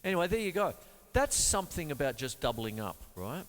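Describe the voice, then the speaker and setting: A man's voice: on the high side, very animated, fairly quick, slight background noise. A man from Australia hosting a casual drum lesson, talking loosely through ideas and scatting beat syllables between demonstrations. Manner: chatty, loose explanations with sung beat syllables. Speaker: drum teacher and show host. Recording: long hall reverb with loud drums. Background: drum kit playing.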